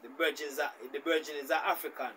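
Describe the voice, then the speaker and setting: A Jamaican man with a high-pitched voice tells a story as a reaction-video host. He talks in an animated way, with faint noise behind him. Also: fast, rough recording. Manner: animated, speaks in Jamaican Patois. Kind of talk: storytelling commentary.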